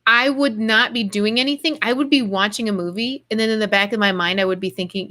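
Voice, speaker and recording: A woman hosting a podcast, telling a personal story in animated casual chat with quick asides. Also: mid-range voice. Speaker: podcast host.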